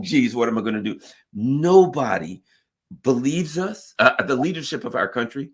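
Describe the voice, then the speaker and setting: A man hosting casual political talk, emphatic and halting with fillers. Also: medium pitch, fairly bright tone, husky. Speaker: host.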